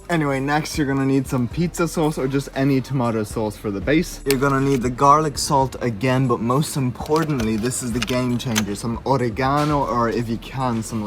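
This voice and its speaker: A man's voice: medium pitch, background noise. A young man giving a casual, joking voiceover for his recipe video as a fitness vlogger. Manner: chatty, joking, informal.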